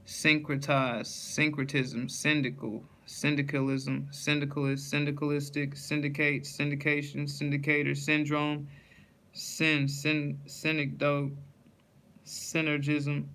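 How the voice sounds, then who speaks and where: A man works through a list of words aloud, one after another, in a slightly higher voice that barely moves in pitch. He goes slowly, and his tone stays smooth and clear. He trips over a word now and then and starts it again. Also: monotone, pushed and bright. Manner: reads words one by one, with frequent slips and restarts.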